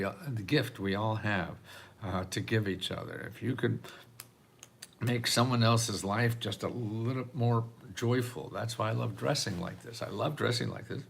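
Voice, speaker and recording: An older man talking casually to the camera in a rambling way, repeating words and laughing softly now and then. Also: lowish voice, creaky, a little hiss or hum. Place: apartment in a city.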